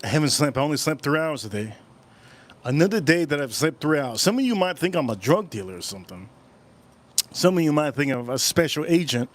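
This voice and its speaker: A man's voice: on the high side, big pitch swings, fairly quick. A man hosting a casual livestream, rambling and repeating his phrases as he chats with viewers at home. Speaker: livestream host.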